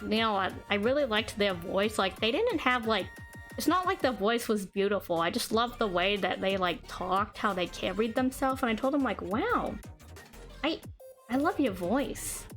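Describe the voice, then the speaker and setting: A woman streaming, chatting casually in a deliberately chosen voice, rambling with lots of fillers. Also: a bit bright. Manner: playful, with sudden high pitch jumps; uses a deliberately chosen put-on speaking voice. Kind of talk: casual chat to stream viewers. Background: faint background music.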